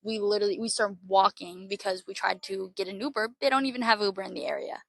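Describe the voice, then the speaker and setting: A young woman from Florida telling a travel story in a casual, animated, heavily profane way. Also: medium pitch, fast, gravelly, dry recording. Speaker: podcast host.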